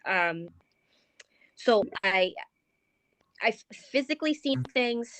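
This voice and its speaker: Woman guest, paranormal investigator, halting ghost story full of ums, dry close sound. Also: on the high side, animated, fairly bright tone, no echo. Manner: hesitant, many ums and restarts. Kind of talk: recounting a ghost story in conversation.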